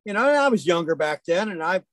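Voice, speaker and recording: A man who works as a hunting guide, telling folksy, lively stories in a casual chat. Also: high voice, fast talker, dry recording. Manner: animated, folksy storyteller. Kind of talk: casual storytelling.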